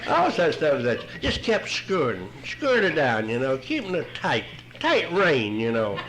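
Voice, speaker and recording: A man's voice: fairly high pitch, huge pitch swings, measured pace, low-quality recording. An older man, telling his own story at a recovery meeting in a folksy, wry way. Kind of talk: humorous personal storytelling talk.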